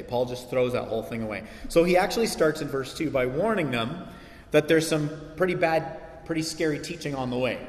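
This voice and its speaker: Man preaching in an echoey hall. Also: medium pitch. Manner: animated, acts out quoted voices with sarcasm. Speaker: pastor. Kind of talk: sermon.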